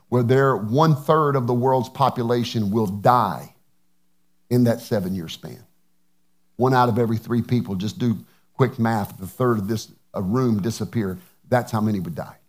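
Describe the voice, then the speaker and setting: A male pastor preaching a sermon to his congregation on a microphone, moving from calm teaching to shouted proclamation and asking the crowd for responses. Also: mid-range voice, normal speed. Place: church sanctuary with a congregation.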